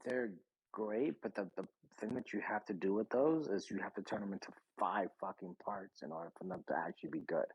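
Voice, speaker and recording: Husky, low-voiced profane podcast host. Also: male voice, fairly quick, dry recording, low-quality recording. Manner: rambling, profane, animated with frequent restarts. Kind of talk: casual gaming podcast chat.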